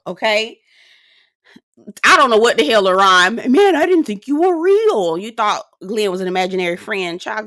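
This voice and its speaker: A woman with a medium-pitched voice casually recaps a reality dating show, sassy and blunt, swearing freely as she acts out the cast's lines in a lively storytelling tone. The studio sound is clean, with no echo.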